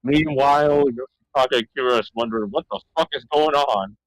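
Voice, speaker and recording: A man's voice: mid-range voice, a little fast, no room sound, poor audio. A man co-hosting a podcast, making rambling, sarcastic asides while watching a movie. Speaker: podcast co-host. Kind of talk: casual movie-riffing chat.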